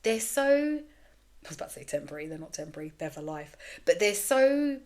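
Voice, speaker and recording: A woman's voice: fairly low pitch, big pitch swings, fairly quick, darkish tone. A woman in her thirties hosting a candid solo podcast, rambling frankly and self-deprecatingly, swearing freely. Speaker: podcast host.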